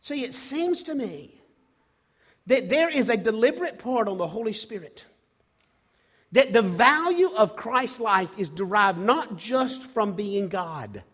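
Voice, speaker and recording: Man, pastor, sermon, very high voice, emphatic rhetorical questions, long hall reverb. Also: sing-song, unhurried, slightly rough. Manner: emphatic preaching with repeated rhetorical questions and sudden drops to a hush.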